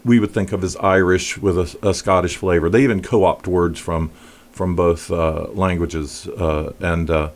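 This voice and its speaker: Man, actor and dialect coach, low voice, hesitant fillers. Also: measured pace. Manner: animated, laughs, hesitant fillers. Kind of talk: casual interview.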